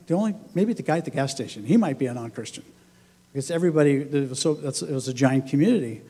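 A pastor delivering a sermon in a church, telling stories in a conversational way and acting out what people said. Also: male voice, on the high side, darkish tone, in a large hall. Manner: conversational storytelling, acts out quoted voices, laughs often. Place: church sanctuary.

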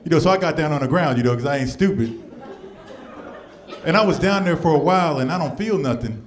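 A man working a comedy club stage with a handheld mic, his voice fairly high and swinging widely in pitch. He tells stories and jumps into loud acted-out voices for the people in them. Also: a little fast, a little hiss or hum. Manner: animated storytelling, acting out characters in raised voices. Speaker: stand-up comedian. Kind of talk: stand-up comedy set.

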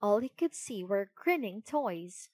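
A woman narrating a children's storybook in an expressive, unhurried way. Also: mid-range voice, slight background noise.

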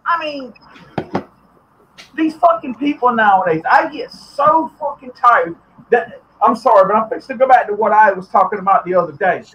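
Very high-voiced ranting man. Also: expressive, moderate pace, lo-fi sound. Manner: profane, blunt, heated, sometimes shouting. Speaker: podcast host. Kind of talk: ranting commentary.

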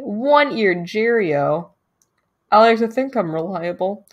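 Playful lower-voiced woman streamer. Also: expressive, unhurried, a bit bright. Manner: playful, reads choices aloud with little jokes. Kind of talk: casual game commentary.

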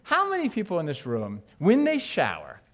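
A man from New York giving an animated conference talk on stage, joking with the audience and asking it questions. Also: high voice, normal speed. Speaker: education speaker.

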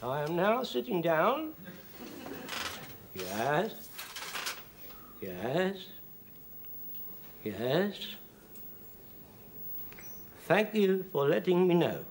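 An actor playing an excitable, fussy elderly man who repeats himself in a rush, as sitcom acting. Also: drawn-out words, long pauses, noisy background, full character voice. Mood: anxious. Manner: frantic, repeats himself, high and lively. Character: excitable elderly male shopkeeper soldier, fussy.

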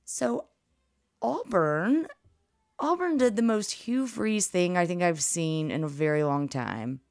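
A woman recaps the game in a low, gravelly voice that is close to giving out. She tells her story excitably. The recording is dry and close. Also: normal speed, no room sound. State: nearly losing her voice. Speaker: podcast host. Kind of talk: casual sports recap.

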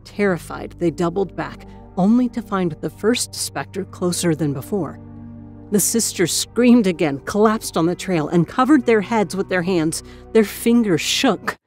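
A woman reading a spooky story as narrator, with a measured, dramatic manner. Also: on the low side, animated, darkish tone. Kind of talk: scripted ghost story narration. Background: faint music.

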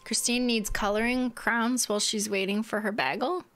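A woman's voice: on the high side, steady tone, normal speed, a bit bright, soft background music. A woman hosting a casual livestream, chatting with viewers and thinking aloud with lots of "like"s. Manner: thinks aloud, chatty, many filler likes. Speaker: livestream host.

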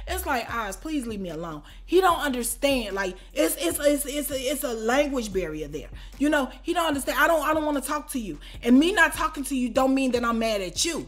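A woman vlogger telling a story in a casual, animated way, swearing often and quick to shout. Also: high voice.

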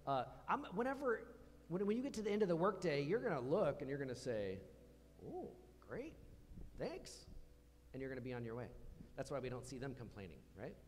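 A man preaching in a church, talking to the room in a relaxed, conversational way and putting questions to the congregation. His voice sits at an ordinary pitch and carries a long reverb from the hall, with a faint hum underneath. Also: fast. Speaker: pastor. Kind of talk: sermon.

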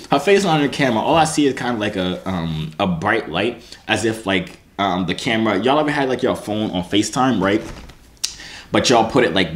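Animated young man telling a story. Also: on the low side. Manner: animated, slangy, self-mocking, full of restarts and "you feel me". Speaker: vlogger. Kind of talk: casual storytelling to camera.

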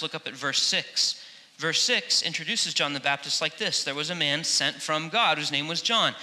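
A man preaching a sermon as pastor, animated, acting out quoted lines with playful emphasis, in a large church. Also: on the high side. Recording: long hall reverb in a church.

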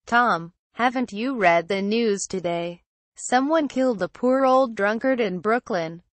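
A woman's voice: on the high side, unhurried, dry recording, close to an everyday voice. A woman reading the lines of a middle-aged man who gossips about local crime, in a plain conversational tone inside a horror story reading. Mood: gossiping.

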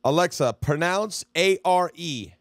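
A male streamer in live-stream banter, profane and mocking, yelling at his smart speaker. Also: fairly high pitch, lively intonation, measured pace, dry recording, studio quality.

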